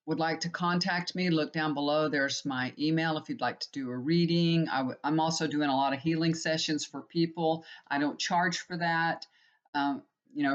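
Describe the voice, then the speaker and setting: A middle-aged woman chatting casually to her viewers as a tarot reader and healer, retelling stories with frequent laughs and an animated manner. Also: deep voice. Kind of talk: casual storytelling chat to viewers. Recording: slightly dull lo-fi sound.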